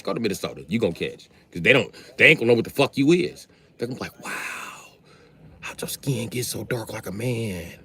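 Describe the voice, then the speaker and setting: With a fairly low, slightly bright voice, a man on a livestream goes off on a profane comedic rant. He mocks his chat and bounces off their comments.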